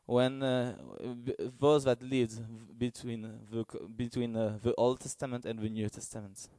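Male preacher, earnest and halting, dry close sound. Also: mid-range voice, no room sound. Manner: halting, searching for words, earnest; gets excited and loud in bursts. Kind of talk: sermon.

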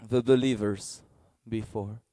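Earnest halting man preaching. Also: on the low side, no echo. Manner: halting, searching for words, earnest; gets excited and loud in bursts. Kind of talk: sermon.

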